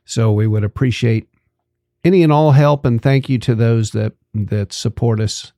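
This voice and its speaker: A man hosting a talk radio show, wrapping up in a folksy, unhurried way with lots of pauses. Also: medium pitch, no echo, clean studio sound. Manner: relaxed, folksy, halting with fillers. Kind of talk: casual chat.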